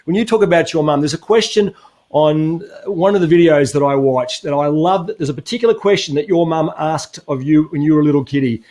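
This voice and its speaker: A man's voice: on the high side, fairly quick, darkish tone. A man, a motivational speaker who talks earnestly in a webinar and poses rhetorical questions. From Australia. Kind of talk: webinar conversation.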